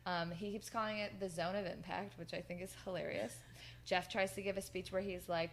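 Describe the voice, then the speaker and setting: A woman's voice: mid-range voice, flat delivery, brisk. A woman co-hosting a podcast, casually recapping wrestling in a rambling way with lots of fillers and laughter. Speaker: podcast co-host.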